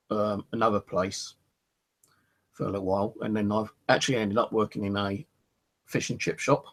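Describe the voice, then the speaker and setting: A man's voice: fairly low pitch, fairly bright tone. A middle-aged British man telling a personal story in a casual, rambling way, swearing freely and often saying "you know". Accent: British English.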